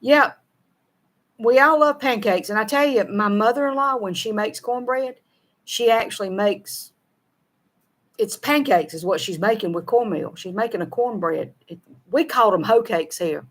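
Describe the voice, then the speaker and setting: A woman's voice: fairly high pitch, normal speed. A middle-aged woman with a Southern American accent, chatting casually as a show co-host, folksy, laughing often and running her words together. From Southern United States. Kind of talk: casual chat reading viewer comments.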